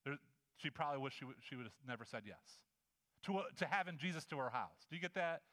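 A man preaching a sermon in a conversational, animated way, acting out the scenes he describes. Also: medium pitch, quick pace. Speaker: pastor.

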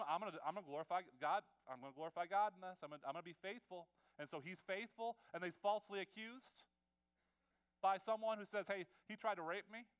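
A man preaching a conversational sermon, often repeating words and swinging between loud stresses and quiet asides. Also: high-pitched, clean tone.

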